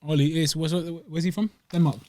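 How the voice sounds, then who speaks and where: A man's voice: fairly high pitch, moderate pace, dry recording. A man co-hosting a podcast, joking in slangy casual chat. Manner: slangy, jokey, animated. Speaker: podcast co-host.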